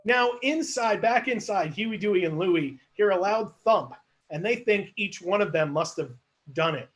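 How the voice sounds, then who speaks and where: A man's voice: high voice, lively intonation, moderate pace, fairly bright tone. A man hosting a live online improv show, narrating scenes and asking the audience for suggestions in a chatty, laughing way.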